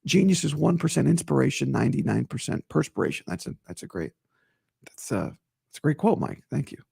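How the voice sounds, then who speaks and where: A man's voice: mid-range voice, brisk. A man hosting his own podcast in casual solo talk, his voice strained while it recovers, emphatic and repetitive when worked up. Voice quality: raspy, gravelly. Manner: animated, emphatic, repeats himself. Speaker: podcast host.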